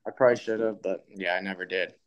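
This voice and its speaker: A laid-back man spins a story as a podcast guest, chuckling along the way. His voice is smooth and clean. The sound is a bit muffled and dull. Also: deep voice, fairly even intonation, fast talker. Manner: laid-back, laughs through his stories. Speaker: guest, retired bull rider. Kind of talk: casual storytelling.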